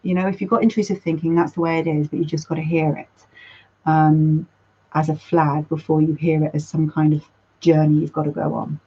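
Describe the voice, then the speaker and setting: Woman, counsellor hosting a chat, loose and self-correcting, a little low, dull lo-fi audio. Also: level tone, brisk, dark tone, slightly rough. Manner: rambling, self-correcting, laughs at herself, swears casually. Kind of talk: casual talk. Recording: dull lo-fi sound.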